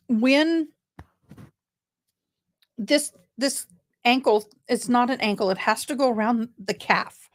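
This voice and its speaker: A woman's voice: on the high side, no echo, studio quality. A woman hosting casual crime commentary, chatty and rambling, often going off on tangents.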